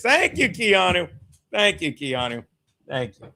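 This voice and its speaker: A man with a fairly high voice hosts a casual live stream of a football game. He talks straight to his chat, laughing, swearing and now and then yelling at a viewer. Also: very animated, takes it slowly. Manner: loud, swears freely, shouts at chat, laughs often.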